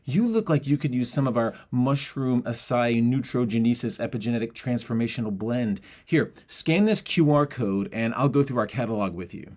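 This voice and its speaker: Male actor, pushy bragging salesman at a party, forceful spiel. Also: medium pitch, animated, moderate pace, few pauses, close to an everyday voice. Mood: boastful pushy.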